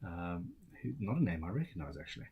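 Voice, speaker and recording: A man's voice: sits low, sing-song, fast talker, slightly rough, narrow, tinny audio. A tired man, hosting a casual live-stream Q&A as a luthier, chatty and rambling with self-deprecating asides.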